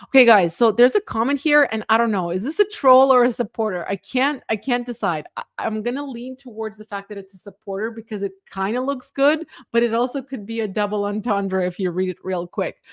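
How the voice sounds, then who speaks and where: A woman's voice: on the high side, a little fast. A woman from the Soviet Union hosting a livestream, chatting casually and reading viewer comments aloud, full of fillers and the word "like.". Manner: chatty, filler-heavy, many "like"s; earnest, rallying. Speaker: livestream host.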